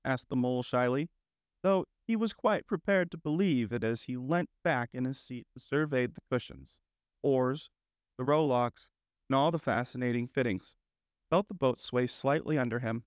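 A man narrating a classic storybook in a measured, gentle, unhurried manner. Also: mid-range voice, clear, resonant tone, no room sound, clean studio sound. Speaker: audiobook narrator.

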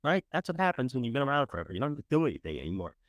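A man's voice: mid-range voice, very animated, rapid-fire, no room sound. A man hosting a morning talk show, giving blunt, profane opinions in a casual style. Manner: blunt, profane, swings from scornful to gushing.

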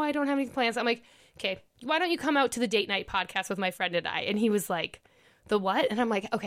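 A young woman from Minnesota hosting a podcast, telling a dating story in a chatty way and laughing often. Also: medium pitch. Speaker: podcast host. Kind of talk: casual storytelling podcast chat.

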